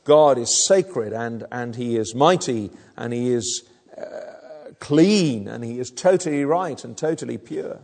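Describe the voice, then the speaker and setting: A man preaching in a gravelly, mid-pitched voice, earnest and explanatory, stumbling and restarting as he works through his points. His voice carries a long reverb in a church hall. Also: animated, a little slow, a little mellow. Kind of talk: sermon.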